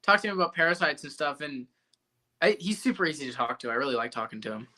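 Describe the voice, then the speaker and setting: A man's voice: a little high, lively intonation, quick pace, pushed and bright. Earnest young man guest on a livestream. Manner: earnest, encouraging, hesitant fillers. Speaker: guest, content creator. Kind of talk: casual livestream chat.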